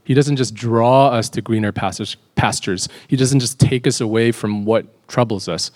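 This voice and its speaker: A man's voice: medium pitch, moderate pace, a little mellow. A man preaching a sermon as a pastor, earnest, often repeating words and lifting his voice when he reads scripture aloud.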